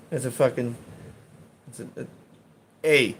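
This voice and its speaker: There's a little hiss or hum behind this Chicago-accented man's mid-range voice, which keeps fairly even intonation at a moderate pace. He's casually chatting on a live stream, rambling, cursing, laughing a lot and reading out comments.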